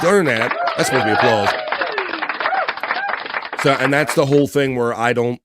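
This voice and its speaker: A man's voice: mid-range voice, moderate pace, long pauses, a loud crowd, very noisy. A middle-aged man hosting a casual livestream, reading viewer comments in an upbeat, chatty way with frequent laughs. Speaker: livestream host.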